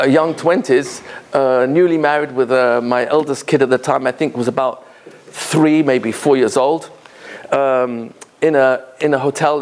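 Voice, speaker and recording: A man in his fifties giving an impassioned Torah talk, with emphatic peaks and frequent fillers and restarts. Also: a little high. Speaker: Torah speaker. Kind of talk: sermon.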